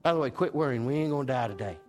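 A man preaching a folksy, storytelling sermon that swings between loud and hushed. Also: mid-range voice, expressive, racing, soft background music.

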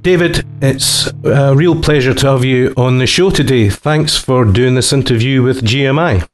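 A man hosting a music podcast, reading a measured, clearly paced introduction. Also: mid-range voice. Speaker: podcast host.

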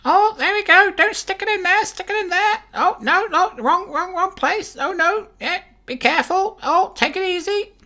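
A man putting on a squawking pet parrot that mimics commands, with a shrill, squawky voice. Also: expressive, moderate pace, hardly any pauses, pushed and bright, exaggerated voice. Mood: fussing.

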